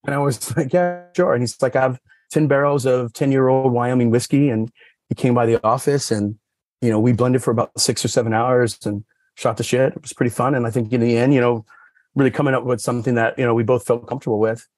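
A man's voice: fairly even intonation, fast talker, a little mellow, no echo. Chatty man, dry close mic. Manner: rambling storyteller, many fillers like "you know" and "like"; acts out quoted dialogue with raised pitch. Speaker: podcast guest, sommelier. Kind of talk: casual chat.

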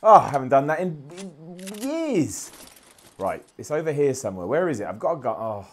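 A man's voice: mid-range voice, big pitch swings, fairly quick, husky. A man giving self-deprecating, sweary commentary while playing a video game. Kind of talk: gameplay commentary.

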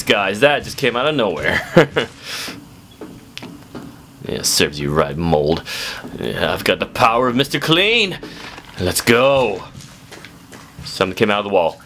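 A man giving horror game let's play commentary, talking to his viewers and swinging from low muttering to sudden yelping shouts. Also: very animated, unhurried, pauses often, a little hiss or hum.

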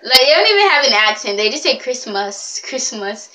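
Young woman, casual vlog chat, giggly and rambling, lively swooping voice, bright tone. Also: sits high, fast talker, slight background noise. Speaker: vlogger.

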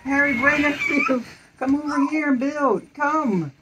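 A woman reading a children's book aloud at home, playful and coaxing, giving quick directions during pretend play. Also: sits high, noisy background.

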